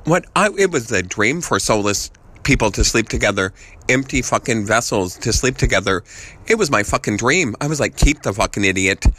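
Speaking at normal speed with an expressive voice, a furious man rants in a voice message, cursing constantly. His thoughts jump all over, and his voice repeatedly shoots up in pitch and volume in this profane, rambling tirade.

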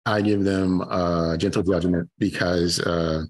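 A man's voice: deep voice, steady tone, unhurried. A man co-hosting a casual podcast chat with a dry, joking delivery. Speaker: podcast co-host.

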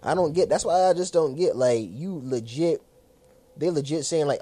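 A man's voice: a little high, moderate pace, dark tone. A man in his twenties co-hosting a casual chat, rambling, swearing and laughing a lot. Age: 20s. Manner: rambling, profane, laughs often. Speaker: podcast co-host.

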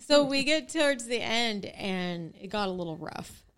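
A young woman with a smooth, clear voice tells a story among friends. She talks in an animated way, acts out what others said, and swears casually. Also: mid-range voice, moderate pace.

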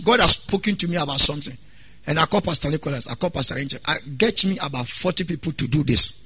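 Hoarse preaching pastor, high and bright. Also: male voice, animated, quick pace. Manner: preaching with sudden loud exhortations and sung phrases. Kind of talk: sermon.

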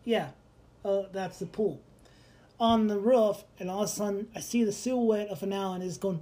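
This podcast co-host is a man whose voice sits high and moves at a normal speed. In casual chat he tells stories with lots of animation, laughing often.

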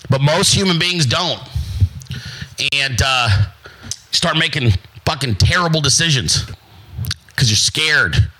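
A man's voice: a little high, expressive, slow pace, long pauses, pushed and bright, poor audio. A man hosting his own show, giving a brash, profane motivational monologue and mocking other people in put-on voices. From United States. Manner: brash, profane, emphatic, repetitive. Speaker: show host.

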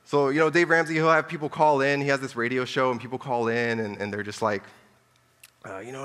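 A man's voice: medium pitch, steady tone, fairly quick, fairly bright tone, clear, resonant tone, big-room sound. A man preaching a sermon in a conversational way, with joking asides and lines repeated for emphasis.

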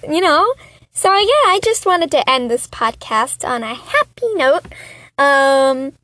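A woman's voice: high-pitched, a bit bright, dry recording. A woman hosting her own solo political commentary podcast, talking in an impassioned, exasperated rant with chatty, self-mocking asides. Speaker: podcast host.

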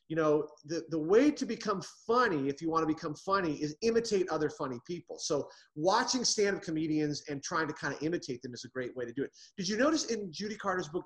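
A middle-aged man from the United States, a comedy writer and interview guest, who tells stories in an animated way with frequent restarts. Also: sits high. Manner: animated storyteller, restarts often. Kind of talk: casual interview.

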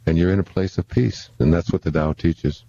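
A man's voice: deep voice, steady tone, gravelly, warm tone, husky, no room sound, muffled recording. A man explaining spiritual ideas in a reflective conversational way, stumbling and repeating words as he thinks aloud into a handheld microphone. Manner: halting, many restarts and repeated words. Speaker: guest speaker on spiritual living.

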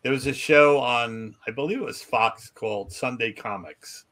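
A man with a bright, forward voice, a magician and comedian, tells showbiz stories in a relaxed podcast chat. He keeps breaking into other people's voices as he acts out the quotes in his tale. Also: medium pitch, moderate pace. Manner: animated storyteller acting out quoted voices.

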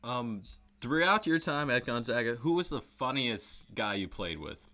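Brief: male interviewer, crisp bright tone, casual delivery. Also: mid-range voice, sing-song, measured pace. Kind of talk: interview questions.

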